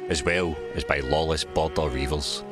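A man's voice: a bass voice, steady tone, moderate pace, over loud music. A Scottish man narrating a documentary in a wry, reflective way and acting out both sides of a conversation as he tells it. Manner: wry and reflective, acting out dialogue in his storytelling. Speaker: documentary presenter and spoken-word poet. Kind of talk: documentary narration and performed spoken word.

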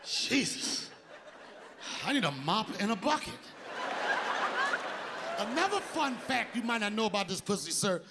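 Loud high-voiced raunchy male comedian. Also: big pitch swings, measured pace, long pauses, noisy background. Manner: loud, crude, laughing, mimics sounds. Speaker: stand-up comedian. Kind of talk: raunchy stand-up routine.

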